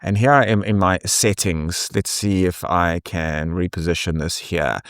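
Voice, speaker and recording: A man with an English South African accent, giving a casual, thinking-aloud software review full of ums and restarts. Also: low voice, fairly even intonation, unhurried, smooth, no room sound, studio quality. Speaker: tech reviewer.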